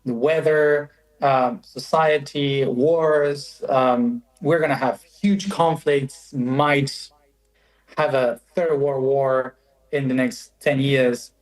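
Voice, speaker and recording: Slow-spoken calm man, reflective. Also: mid-range voice, poor audio. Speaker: guest. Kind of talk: reflective conversation.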